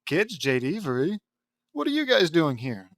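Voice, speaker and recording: A man's voice: fairly high pitch, sing-song, moderate pace, no room sound, clean studio sound. A man reading as a hammy goofy dad. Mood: cheerful. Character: goofy middle-aged dad, cheerful and hammy.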